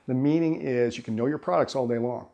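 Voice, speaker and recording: Brief: male sales trainer, animated conversational storyteller, rapid delivery. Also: medium pitch. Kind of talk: telling a parable in a training video.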